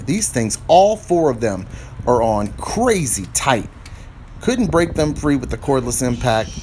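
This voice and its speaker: This is a casual DIY review vlog: a middle-aged man talks through a tire review outdoors while working on his car, rambling and gradually losing patience. His voice is mid-range with a darkish tone, recorded noisily on a phone camera.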